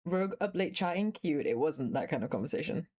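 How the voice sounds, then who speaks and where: A woman's voice: sits low, very animated, fairly quick, a little mellow, breathy edge. A young woman streaming live, chatting casually with her chat in a scattered way, swearing freely and laughing often.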